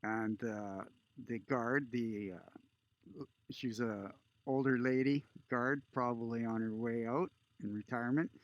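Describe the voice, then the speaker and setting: Slow-talking man telling a story. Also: mid-range voice, no echo, dull audio. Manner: relaxed, conversational, with filler pauses. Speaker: vlogger. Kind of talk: casual storytelling.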